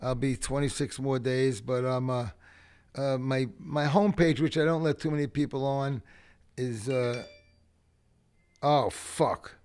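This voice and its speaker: A man from the Bronx, guesting on a podcast and telling animated, profane stories. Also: medium pitch, a little slow, smooth. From the Bronx, New York. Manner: animated, profane raconteur who acts out the people in his stories. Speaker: podcast guest, punk rock singer. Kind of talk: casual storytelling interview.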